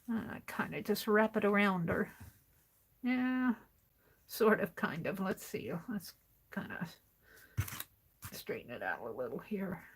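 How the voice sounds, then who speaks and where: Slow gravelly lady murmuring and half-whispering while she crafts. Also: mid-range voice, expressive. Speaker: mixed-media art streamer. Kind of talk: casual crafting demonstration.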